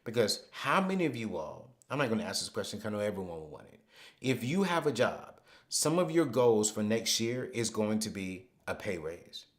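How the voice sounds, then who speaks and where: A man hosting a live finance webinar, speaking emphatically and repeating phrases, sometimes dropping to a hushed storytelling voice. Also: fairly low pitch, sing-song, moderate pace. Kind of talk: live motivational money teaching.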